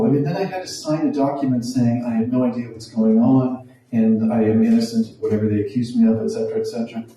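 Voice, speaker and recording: A man's voice: mid-range voice, mellow. A man in his forties telling a wry, self-deprecating stand-up story in a conversational way on a small stage. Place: small theatre room. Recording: very echoey room, from a distance.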